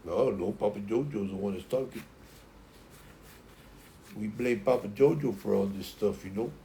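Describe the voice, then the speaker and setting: Man voicing a hungry male dog, low grumbling voice, gravelly, complaining, trailing "you know". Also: moderate pace, mellow, slight background noise, close to an everyday voice.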